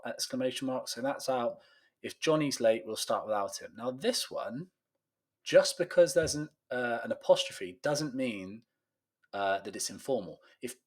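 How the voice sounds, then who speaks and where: Male tutor, mid-pitched, chatty step-by-step explainer with jokey asides. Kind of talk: recorded grammar lesson.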